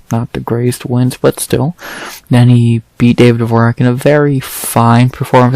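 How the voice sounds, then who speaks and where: A man's voice: mid-range voice, a little mellow, no room sound. A man giving casual fight predictions, thinking aloud in a rambling, blunt way and swearing freely. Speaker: MMA fight predictions host. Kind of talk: casual commentary.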